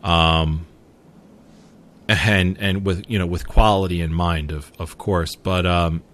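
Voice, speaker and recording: A man's voice: low-pitched, fairly even intonation, slow, a bit bright. A man hosting a casual podcast, hesitant and repeating words with fillers. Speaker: podcast host.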